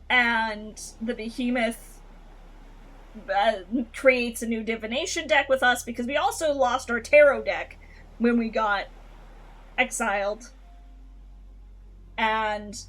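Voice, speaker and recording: High voiced woman streamer, animated, swears a lot, laughs a bunch while chatting over a game. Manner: animated, swears often, laughs between lines. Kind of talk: casual game stream chat.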